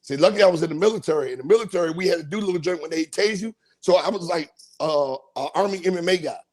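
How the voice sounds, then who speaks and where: A man's voice: high-pitched, very fast. A man hosting a podcast, telling a profane comic story and acting out voices and sound effects. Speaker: podcast host.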